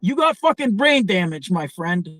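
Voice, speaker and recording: A man doing a furious loudmouthed berater. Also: sits high, big pitch swings, moderate pace, dry recording, studio quality, voice pushed up. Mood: berating. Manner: shouting, swearing, mocking.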